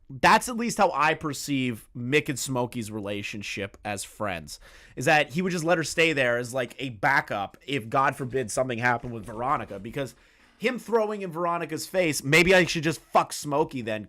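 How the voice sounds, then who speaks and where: Lively, blunt-talking male commentator. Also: fairly high pitch. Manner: blunt and profane, with frequent restarts. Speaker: commentary channel host. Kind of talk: casual reaction commentary.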